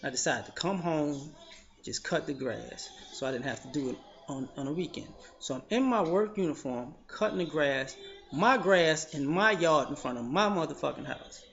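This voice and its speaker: Man, profane commentary monologue, gravelly voice, lo-fi recording. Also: on the high side, moderate pace, soft background music. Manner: blunt, profane, animated storytelling. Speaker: vlogger. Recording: slightly dull lo-fi audio.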